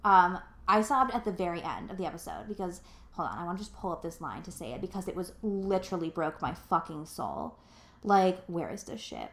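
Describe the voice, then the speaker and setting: A woman's voice: fairly low pitch, big pitch swings, fairly quick, vocal fry, a bit bright. A woman in her twenties co-hosting a podcast, chatting casually in a rambling, filler-heavy way, swearing freely and getting emotional. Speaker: podcast co-host. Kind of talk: casual chat. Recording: roomy echo.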